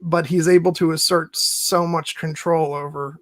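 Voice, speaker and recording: A man hosting a film discussion podcast, speaking haltingly with many restarts and occasional chuckles. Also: fairly high pitch, fairly even intonation, fairly bright tone, dry recording. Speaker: podcast host.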